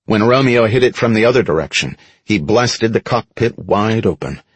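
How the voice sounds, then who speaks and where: A man narrates a first-person action story for an audiobook in a low, husky voice. His pitch swings widely with dramatic emphasis. The recording is close and dry. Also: animated, moderate pace, no echo.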